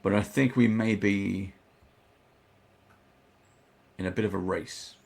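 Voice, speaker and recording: A man running a tabletop game, speaking in character as a leader briefing the party in a slow, measured way. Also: lowish voice, fairly even intonation, gravelly, a little mellow. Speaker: dungeon master.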